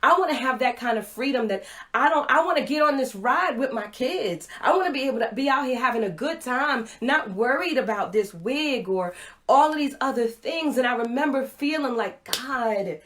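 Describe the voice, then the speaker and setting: A middle-aged woman giving a motivational livestream talk, telling a personal story with animated acted-out dialogue. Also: high voice, normal speed. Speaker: motivational speaker. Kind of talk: Facebook Live talk to viewers.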